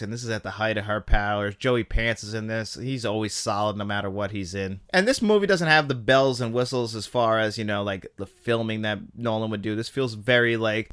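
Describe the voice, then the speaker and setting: A man hosting a podcast, giving casual, opinionated commentary as he ranks films, his pitch jumping up when he gets excited. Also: clear, resonant tone, no echo. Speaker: podcast host. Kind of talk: casual film-ranking commentary.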